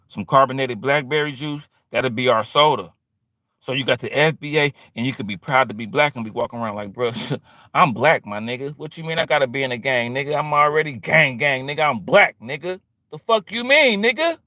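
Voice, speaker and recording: A middle-aged man streaming a casual monologue, slangy and animated, acting out quoted exchanges. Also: mid-range voice, no echo.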